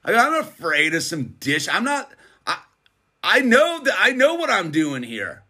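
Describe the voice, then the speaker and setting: A middle-aged man hosting his own channel, giving a casual motivational monologue in a slangy, laid-back way, speeding up and slowing down for emphasis. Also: high voice, slightly rough. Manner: laid-back slangy, keeps saying "dude"; animated, swings between fast bursts and slow emphasis. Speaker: channel host.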